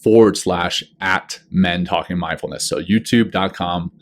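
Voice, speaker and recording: Deep-voiced man reading show announcements. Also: a little slow. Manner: upbeat, plugs the show's channels. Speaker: podcast co-host. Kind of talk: casual podcast chat with show announcements.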